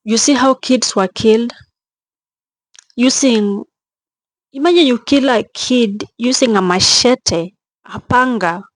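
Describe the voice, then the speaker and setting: A young woman vlogging with emotion, speaking in a halting way, repeating herself and sounding tearful and shaken. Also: on the high side, dry recording. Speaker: travel vlogger. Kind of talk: emotional vlog narration.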